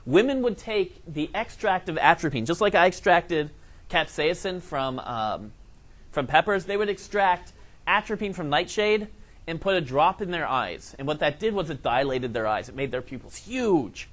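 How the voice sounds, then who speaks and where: A man teaching a science lesson, telling a comic story in an animated way with acted-out quotes. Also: a little high, moderate pace.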